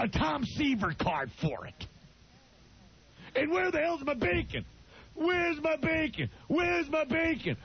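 A man impersonating a yelling, grumpy TV salesman. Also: extremely high pitch, creaky, voice pushed up, full character voice. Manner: yelling, complaining, repeating himself. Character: loud, grumpy middle-aged male TV salesman yelling at a diner. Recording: dull lo-fi radio broadcast.

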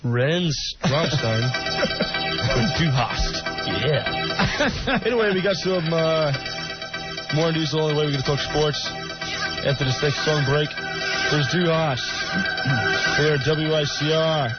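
A man's voice: fairly high pitch, unhurried. A man hosting a radio show, reading out public notices in a casual, joking way. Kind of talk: college radio talk. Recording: muffled radio with music behind.

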